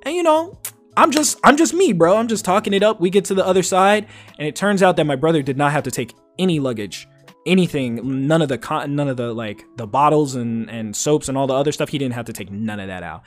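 A man's voice: on the high side, expressive, a little fast, faint music behind. A man hosting a podcast, telling a long story in casual, profane chat and acting out the quotes. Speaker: podcast host.

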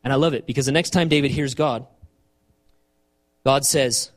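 Pastor, male, high lively voice, emphatic sermon delivery with repeated phrases. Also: fairly quick.

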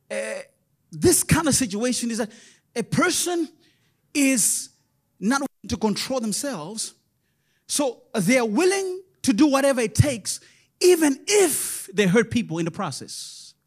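A male pastor delivering a lively sermon, sing-song and chuckling often, calling out to the congregation. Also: very high-pitched, measured pace.

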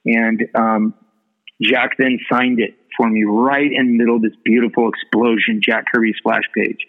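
A man's voice: mid-range voice, flat delivery, normal speed. A man telling a story as a podcast guest, rambling with lots of fillers and swearing freely. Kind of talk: casual storytelling. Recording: tinny phone-line audio.

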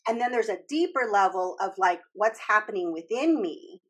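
A woman's voice: mid-range voice, expressive, moderate pace, a bit bright, slightly rough. A woman hosting a casual talk, explaining earnestly with frequent restarts and the odd swear word. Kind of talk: casual podcast chat about trauma healing.

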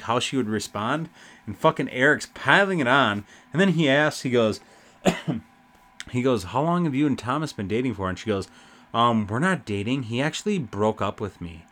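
Swearing young man telling a story. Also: medium pitch. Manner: rambling, heavy swearing, animated retelling. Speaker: podcast host. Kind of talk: casual storytelling.

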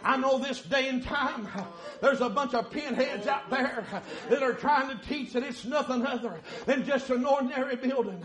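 A man preaching a shouting revival sermon, chanting and drawn out, crying out woo and hallelujah. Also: very high voice, normal speed, hardly any pauses, a crowd in the background. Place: church sanctuary. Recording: echoey church with loud congregation. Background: congregation responding.

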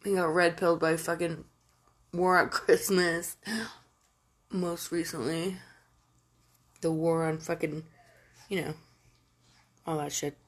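A woman's voice: fairly low pitch, level tone, slow pace, pauses often. A woman from the United States delivering a casual, profane political rant, exasperated and given to emphatic outbursts.

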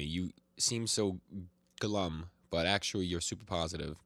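Podcast co-host, man with a deep voice, casual recap style, quoting characters, dry sound. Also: moderate pace, fairly bright tone, no echo. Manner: retells scenes, quoting characters with light voice shifts, frequent laughs and restarts. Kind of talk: casual chat recapping manga chapters.

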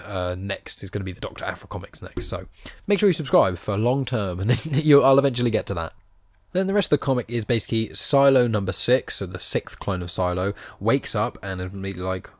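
Low-voiced man recapping comics, dry. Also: no echo. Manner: retells the plot plainly, reading out dialogue without doing voices. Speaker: podcast host. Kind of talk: casual comic recap podcast.

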